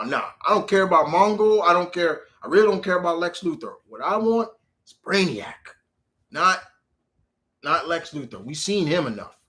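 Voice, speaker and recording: A man's voice: a little high, fairly bright tone. A man hosting a live stream, ranting casually about comic heroes and answering viewer questions, restarting his sentences and swearing freely.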